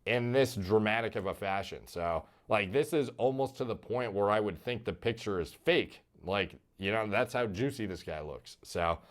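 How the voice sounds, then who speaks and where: A man's voice: lowish voice, moderate pace, hardly any pauses. A man giving casual, profane commentary about a fighter's physique in a video played on stream.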